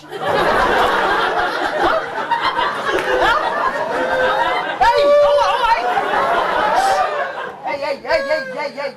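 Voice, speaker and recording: A man's voice: very high-pitched, heavy background noise. A man playing a stern father and village chief, scolding his son and barking "huh?" over and over. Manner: scolding, bullying, repeats "huh?" constantly. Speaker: comic stage actor. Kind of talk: live comedy skit.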